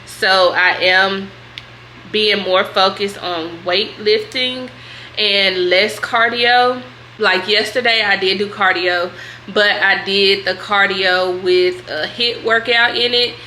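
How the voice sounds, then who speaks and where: Young woman vlogger, chatty and real, slangy, bright tone, kinda echoey room. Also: medium pitch, steady tone, slow pace, slight background noise. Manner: candid and chatty, slangy, emotional at times. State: tearful at times. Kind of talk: candid vlog Q&A.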